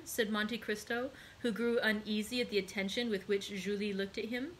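A woman, a library host, narrating a classic novel in a steady, clear reading. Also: medium pitch, normal speed, few pauses, a little hiss or hum, rough recording.

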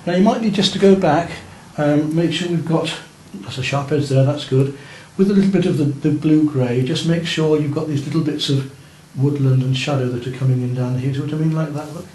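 Briskly and with hardly any pauses, a male art teacher with a fairly high, darkish voice guides beginners through a painting lesson as he paints. He encourages the class and looks over their work, in a roomy space with faint noise.

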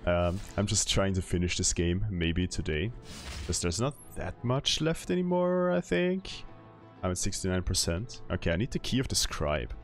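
Low-voiced man streaming a game. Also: animated, normal speed, soft background music. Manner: chatty, reads chat aloud, laughs often. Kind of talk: casual gameplay commentary.

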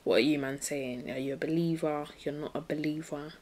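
A young woman chats to her listeners in a loose, playful way, full of slang and little sung asides. Her voice sits on the lower side for a woman. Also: steady tone, a little fast, darkish tone. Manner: chatty and playful, breaks into song and slang. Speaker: podcast host. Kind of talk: casual solo podcast chat.

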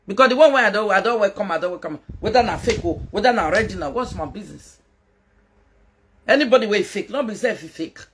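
A woman's voice: medium pitch, expressive, quick pace, slightly rough. A Nigerian woman doing a casual live-stream gossip rant as a social media commentator, mocking, laughing and scolding.

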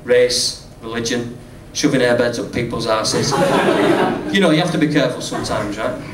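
A man's voice: medium pitch, moderate pace, a loud crowd. A man with a Northern English accent telling a stand-up story, chatty, swearing freely and laughing at his own jokes. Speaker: stand-up comedian. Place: comedy club stage with audience. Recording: roomy, distant live recording with noise.

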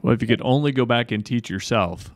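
A man's voice: medium pitch, quick pace, no room sound. A man moderating a webinar panel, wrapping things up and making dry, teasing asides.

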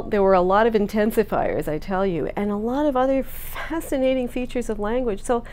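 A woman's voice: mid-range voice, darkish tone. A middle-aged woman from Canada, a language researcher, explaining her findings with enthusiasm in a filmed interview. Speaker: linguistics researcher.

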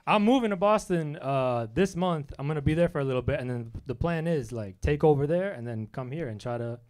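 A young man from New Hampshire doing a quick, deadpan stand-up set in a comedy club. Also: on the high side. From Manchester, New Hampshire, US. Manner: quick deadpan punchlines, voices his family in quotes. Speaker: stand-up comic.

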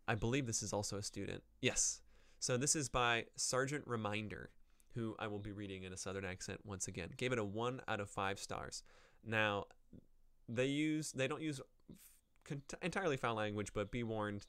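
A man with a lowish, resonant voice talks through a book review in casual podcast chat. He hesitates often, restarting phrases and dropping dry asides. The sound is close and dry. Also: a bit bright, clean tone, dry recording. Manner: hesitant, with many fillers and restarts. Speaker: podcast host.

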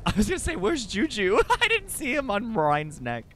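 Excitable, foul-mouthed male streamer. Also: high-pitched, moderate pace, slight background noise. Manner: excitable, profane, chatty. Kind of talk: live gaming commentary. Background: game music.

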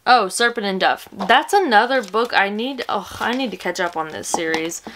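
A woman's voice: mid-range voice, lively intonation, normal speed, fairly bright tone, slight background noise. A woman book vlogger in casual chat, rambling and chatty as she shows off books. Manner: chatty, rambling, talks to her pet.

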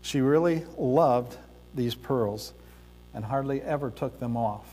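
A man preaching a sermon in a church sanctuary, speaking deliberately with pauses and the odd filler as he tells a story. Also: mid-range voice, warm tone. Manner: slow, deliberate delivery with pauses and occasional fillers. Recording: reverberant church hall.

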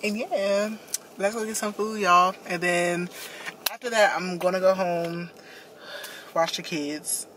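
A woman's voice: lowish voice, steady tone, takes it slowly, fairly bright tone, slight background noise. A young woman vlogging casually to her phone camera, chatty and effusive, often saying "like" and "y'all". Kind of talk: casual vlog talk to camera.

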